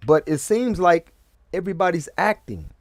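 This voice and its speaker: A man's voice: high voice, lively intonation, moderate pace, no room sound, studio quality. A man giving rambling casual commentary, restarting sentences and often checking "okay?". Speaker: vlogger.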